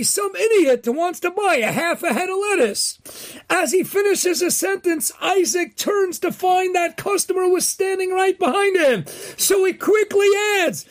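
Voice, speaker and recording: High-voiced man giving an animated Torah talk. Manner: animated, rising to emphatic near-shouts, Yeshivish Hebrew terms. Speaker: host of a daily inspirational talk. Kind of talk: Torah inspiration talk with jokes.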